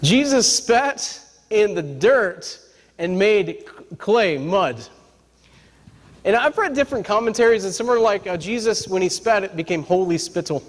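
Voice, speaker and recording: A man's voice: high voice, measured pace. A man preaching a sermon to his congregation in a church. He tells stories with humor and keeps checking in with the congregation by asking for an "amen". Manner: lively, talks straight to the congregation with repeated "amen?" and "right?"; humorous, folksy storytelling. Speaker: pastor. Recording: long reverb from a large room.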